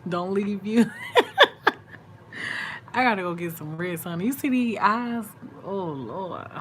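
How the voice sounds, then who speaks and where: A woman's voice: medium pitch, lively intonation, moderate pace, a little hiss or hum. A woman, sleepy and chatty, talking casually to viewers in a late-night live chat. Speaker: vlog host.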